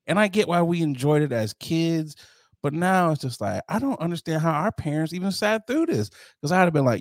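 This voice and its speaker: A man co-hosting a podcast in casual chat, joking and telling animated stories. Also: a little high, normal speed, no echo, studio quality. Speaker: podcast co-host.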